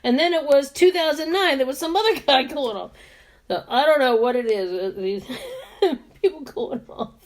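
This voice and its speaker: A woman's voice: sits high, moderate pace. A woman in her fifties chatting casually and laughing often while she does her makeup on camera. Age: 50s. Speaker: beauty vlogger and sales representative.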